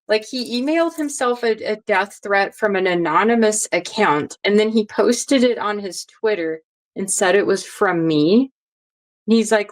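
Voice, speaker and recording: A woman tells a story as an interview guest, chatty and animated. She acts out the lines other people said. Her voice sits at a middle pitch. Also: normal speed.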